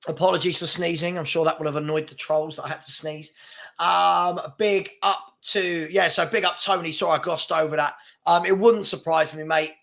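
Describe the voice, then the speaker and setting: A man's voice: on the high side, steady tone, moderate pace, creaky, fairly bright tone. A man hosting a live fan chat show, chatty and brash as he reads comments and takes on trolls. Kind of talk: casual live-stream chat reading comments.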